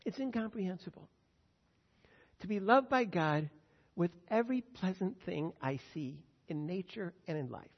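An older man preaches with earnest feeling, his voice swelling loud on the words he stresses. The sound is muffled and lo-fi, ringing out in a long hall reverb. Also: high voice, animated, normal speed, slightly rough. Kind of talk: sermon.

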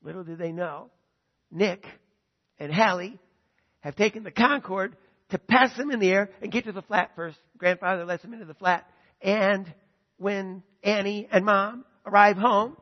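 A man with a high voice preaches a sermon, moving from lively storytelling into emphatic argument. His voice rings out with a long hall reverb. The recording sounds somewhat dull and muffled. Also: unhurried. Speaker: pastor.

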